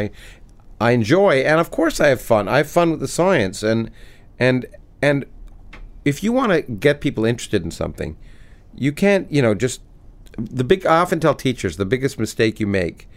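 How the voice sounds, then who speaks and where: A middle-aged male physicist and author being interviewed, talking with animated enthusiasm and many restarts. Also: mid-range voice. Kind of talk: conversational interview, reading aloud from his book.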